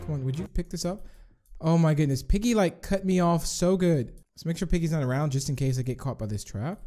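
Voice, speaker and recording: A young man giving nervous, excitable commentary while playing a video game, often talking himself through it. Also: fairly high pitch, brisk, soft background music. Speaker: gaming YouTuber. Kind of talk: live gameplay commentary.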